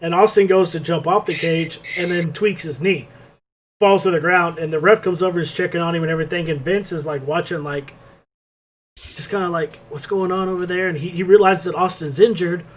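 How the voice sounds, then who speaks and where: A man's voice: fairly high pitch, steady tone, a little fast. A man co-hosting a podcast, telling a rambling, profane play-by-play recap in casual chat. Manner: rambling play-by-play, swears freely. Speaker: podcast co-host.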